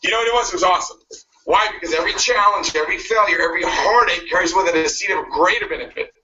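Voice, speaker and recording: A man's voice: high voice, fast talker, bright, forceful tone, slight background noise. A man giving a pushy motivational speech, cracking jabs and laughing at his own lines. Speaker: motivational speaker. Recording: muffled video played back from a distance.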